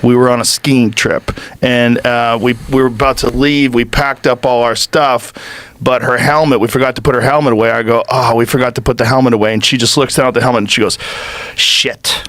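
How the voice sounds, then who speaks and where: A man's voice: mid-range voice, fairly even intonation, a little fast, fairly bright tone, slight background noise. Host: middle-aged man, mid-range voice, easygoing conversational interviewer. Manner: easygoing, chats about his own kids. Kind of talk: casual chat.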